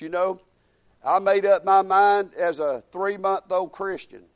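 High-voiced man preaching fervently. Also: measured pace, clear, resonant tone. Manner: fervent, folksy preaching that drops from loud proclaiming to quiet musing. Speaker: pastor. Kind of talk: sermon.

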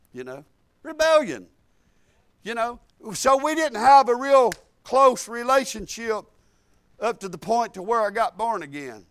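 High-voiced preacher man, dry close sound. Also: clean tone, no echo. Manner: preaching with repeated emphatic phrases, dropping to quiet confiding asides. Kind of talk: sermon.

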